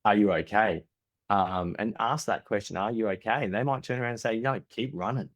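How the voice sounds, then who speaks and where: Talking fairly quickly in a lowish voice, a man in his forties with an Australian accent guests on a podcast. His storytelling is candid and conversational, with frequent restarts and acted-out family exchanges.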